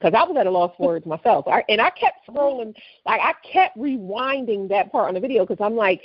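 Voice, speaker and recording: Animated New woman telling a story. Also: a little high, fairly quick, slightly rough, dry recording. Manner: animated storyteller, acts out quoted voices. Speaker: podcast co-host. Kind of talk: casual storytelling chat. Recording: dull, slightly lo-fi dry studio sound.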